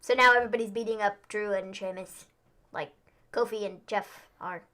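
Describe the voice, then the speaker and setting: A young woman chats her way through a live wrestling watchalong. Her voice is bright and a little edgy, and she keeps dropping "like" into her sentences. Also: medium pitch, fairly even intonation, normal speed. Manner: chatty, lots of "like". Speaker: co-host. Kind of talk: casual watchalong chat.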